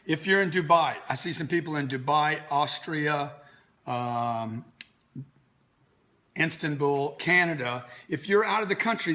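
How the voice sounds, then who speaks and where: A man's voice: fairly high pitch, bright, forceful tone. A man in his fifties hosting a nightly livestream as a business coach, talking in a brash, direct, salesy way. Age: 50s. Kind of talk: motivational livestream talk.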